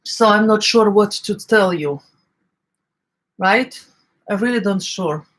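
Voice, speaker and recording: A middle-aged woman with an Eastern European accent, chatting casually as she cooks, often searching for words and filling pauses. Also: medium pitch, poor audio. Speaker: home cook. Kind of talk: casual cooking vlog chat.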